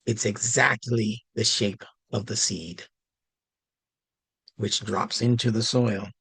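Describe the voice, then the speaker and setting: A male instructor giving a slow, emphatic religious language lesson, stressing key words. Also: on the low side, fairly even intonation, gravelly, pushed and bright, husky, dry recording. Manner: slow, deliberate, emphatic teaching.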